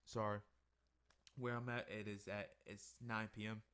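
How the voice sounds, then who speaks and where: This forex trading analyst reviews the market over screen-share at a normal speed, his lowish voice clear and resonant. He's sleepy and tired, yawning between points in a relaxed, conversational weekly look at his charts.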